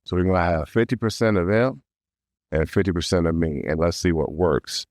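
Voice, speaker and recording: A middle-aged man tells a story as an interview guest, his fairly low voice jumping up and down as he acts out what people said. The sound is close and dry, with no room around it. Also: brisk, no room sound. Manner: animated, acts out quotes with big pitch jumps. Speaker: voice actor guest.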